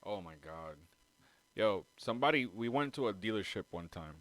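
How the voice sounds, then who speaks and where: A man hosts a casual podcast from home in a lowish, a bit bright voice with lively intonation and a moderate pace. He rambles and swears freely while hopping between topics, drifting around the mic as he talks.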